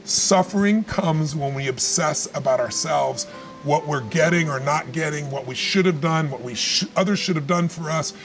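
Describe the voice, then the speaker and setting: A man's voice: on the high side, moderate pace, over music. A man giving motivational talk in conversation, emphatic and repetitive, telling stories to make his point. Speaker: motivational speaker.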